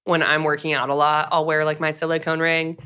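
A young woman co-hosting a podcast, casually recapping a book in a lively storytelling way and acting out the quotes. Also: low voice, a little fast, clear, resonant tone. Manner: lively storyteller, acts out quotes, many fillers. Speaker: podcast co-host.

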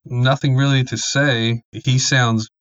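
A man co-hosting a podcast in casual chat, measured and dry-humored. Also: medium pitch, level tone, a bit bright, no echo, lo-fi sound. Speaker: podcast co-host.

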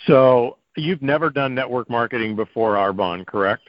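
Measured man hosting an interview. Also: medium pitch, no room sound. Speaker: interview host. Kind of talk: interview questions and commentary. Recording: dry, muffled lo-fi audio.

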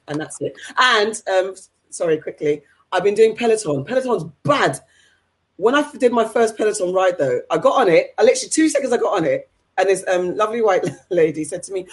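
Podcast co-host, male, higher pitch, brisk lively storytelling. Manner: quick, animated storytelling. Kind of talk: casual chat.

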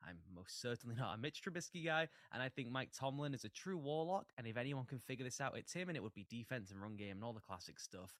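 A man's voice: medium pitch, animated, quick pace, few pauses, a bit bright, dry recording. A man co-hosting a football podcast, giving confident opinions with a dry wit. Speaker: podcast co-host, football analyst. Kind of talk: casual football podcast analysis.

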